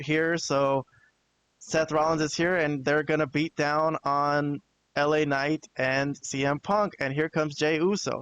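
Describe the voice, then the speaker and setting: A man giving a relaxed, plain-spoken review of a wrestling show on a live stream, now and then swearing casually. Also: on the high side, a little hiss or hum.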